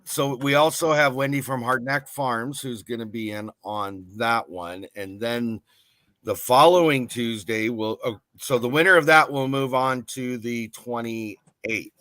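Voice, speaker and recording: A man's voice: medium pitch, unhurried, fairly bright tone, no room sound. A man co-hosting a casual live-stream chat, reading out the event lineup in a loose, rambling way.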